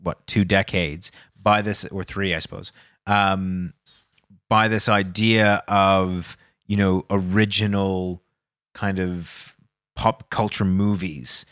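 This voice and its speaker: Low-voiced musing male podcast host. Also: level tone, slow, a bit bright, no room sound, clean studio sound. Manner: musing, talks in loose qualified phrases. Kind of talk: casual film news chat. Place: studio.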